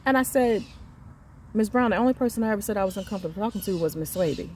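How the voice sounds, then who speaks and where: A woman in her thirties telling an angry story about her son's school, emphatic and reenacting the conversations, swinging between quiet and loud. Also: medium pitch, expressive, racing, slight background noise. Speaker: mother venting on her channel. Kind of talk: heated storytelling rant.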